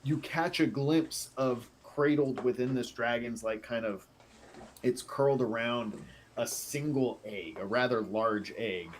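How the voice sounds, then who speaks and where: A man narrating as game master in a casual online tabletop game, describing scenes slowly with fillers. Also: mid-range voice, a little hiss or hum.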